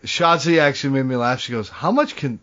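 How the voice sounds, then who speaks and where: A man's voice: medium pitch, expressive, brisk, sharp tone. Laid-back man recapping wrestling, lo-fi. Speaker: podcast co-host. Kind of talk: casual wrestling recap chat. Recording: dull lo-fi audio.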